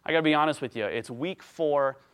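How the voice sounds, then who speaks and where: A man preaching a sermon, emphatic, climbing to excited peaks and then dropping to quiet, earnest stretches. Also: fairly high pitch, brisk, smooth. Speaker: pastor.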